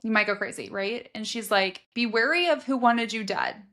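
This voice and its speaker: A woman's voice: on the high side, moderate pace, pushed and bright. A woman co-hosting a book podcast, chatting casually and acting out quotes with expression. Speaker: podcast co-host.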